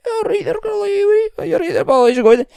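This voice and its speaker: A man's voice: extremely high pitch, very animated, fast talker, vocal fry, warm tone, no room sound, clean studio sound, voice pushed up, full character voice. A man voicing a chatty old Scottish uncle with a garbled Scottish accent. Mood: friendly. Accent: Scottish, put on.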